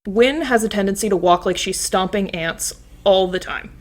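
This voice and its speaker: A woman's voice: medium pitch, moderate pace. A woman playing a tabletop role-playing game, describing her character's actions in a playful, wry way. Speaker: player. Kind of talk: casual tabletop game play.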